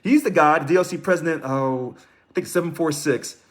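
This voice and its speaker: A man's voice: a little high, fairly quick. A man hosting a casual live stream, reading aloud, commenting and greeting viewers by name. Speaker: livestream host.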